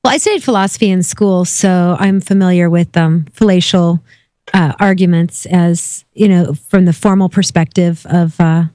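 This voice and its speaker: A woman appearing as a guest on a radio talk show, speaking in a measured, thoughtful way. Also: lowish voice, steady tone, warm tone, no echo. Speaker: guest, activist. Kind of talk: call-in radio interview.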